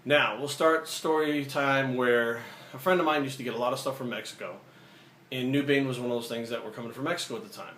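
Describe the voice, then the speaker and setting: Male vlogger, brash storyteller, mid pitch, echoey room. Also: brisk. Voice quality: profane, animated, acts out the dialogue. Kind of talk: casual storytelling. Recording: roomy echo, faint ambient noise.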